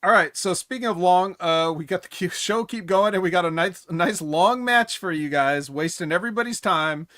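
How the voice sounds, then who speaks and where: Outspoken guy cussing through a wrestling recap, high-ish voice, dead dry sound. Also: normal speed, few pauses, fairly bright tone, no echo. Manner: blunt, opinionated, swears freely. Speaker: podcast co-host. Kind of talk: casual wrestling chat.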